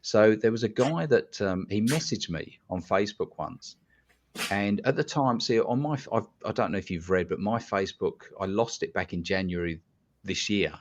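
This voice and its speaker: Blunt man, low voice, lo-fi. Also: normal speed, a little hiss or hum. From London, England. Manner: blunt, animated storyteller who swears casually. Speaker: guest hypnotist. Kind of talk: casual podcast storytelling. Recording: dull lo-fi sound.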